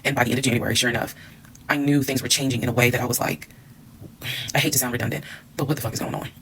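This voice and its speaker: A woman rattles through a personal storytime at breakneck speed. Her voice has a gravelly fry, and she is blunt and candid, swearing freely. She acts out the back-and-forth of old arguments as she goes. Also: very deep voice, fairly even intonation, rapid-fire, a bit bright, slight background noise, low-quality recording. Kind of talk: storytime monologue.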